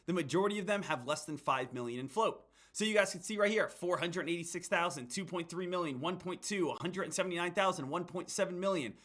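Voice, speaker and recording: A man's voice: high voice, a bit bright. A man giving emphatic stock market commentary, repeating phrases and calling his viewers guys and team. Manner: repetitive, hype-driven, addresses viewers as guys and team.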